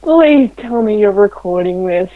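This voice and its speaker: A woman's voice: medium pitch, animated, a little slow. A woman, a fellow player on voice chat, teasing and pushing in casual talk. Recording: tinny voice-chat line.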